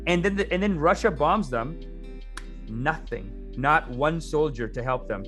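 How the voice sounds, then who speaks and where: A man's voice: a little high, animated, measured pace, a bit bright, soft background music. A man co-hosting a casual political chat, chatty, laughing easily and reading things aloud off the screen. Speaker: podcast co-host.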